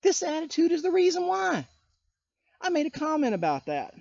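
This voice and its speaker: A man's voice: extremely high pitch, huge pitch swings, normal speed, vocal fry, darkish tone, no echo, highs cut off. A man ranting on his vlog, indignant, calling people out by name and firing rhetorical questions at them. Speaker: YouTuber. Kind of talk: political rant vlog.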